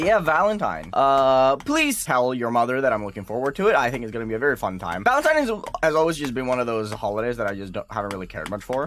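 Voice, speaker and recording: Excitable and loose-tongued, a man with a mid-range voice commentates a gaming stream casually, swearing and breaking into laughter.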